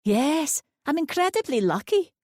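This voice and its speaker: A woman's voice: high-pitched, big pitch swings, unhurried, darkish tone, no echo, clean studio sound, pitched above the performer's own voice. Woman putting on a chirpy old Scottish lady. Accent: West Coast Scottish. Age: older. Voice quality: honeyed, sweet voice. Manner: chirpy, fussing hostess. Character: cheerful elderly woman, short and rotund, chatty.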